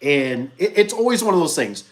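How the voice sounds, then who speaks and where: A man who owns a small business telling a rambling story in an animated, casual way, acting out the people he quotes. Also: on the high side, normal speed. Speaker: business owner vlogger.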